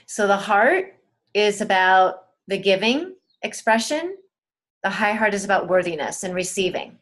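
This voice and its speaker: A woman teaching a spiritual webinar in a gentle, soothing way, talking straight to her listeners and repeating key words. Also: mid-range voice, animated, unhurried.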